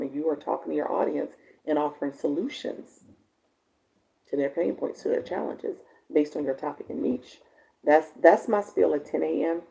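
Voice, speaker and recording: A woman live-stream coach with a raspy voice, chatting casually with viewers and reading their comments. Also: deep voice, rough recording. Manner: chatty, warm-toned, laughs often, answers viewers by name.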